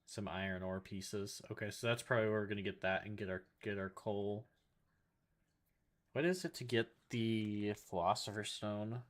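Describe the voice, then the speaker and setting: Male streamer, lower voice, mumbling through crafting lookups and chatting to viewers. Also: fairly even intonation, moderate pace. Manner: muttering to himself while looking things up; addresses chat. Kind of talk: casual gameplay commentary.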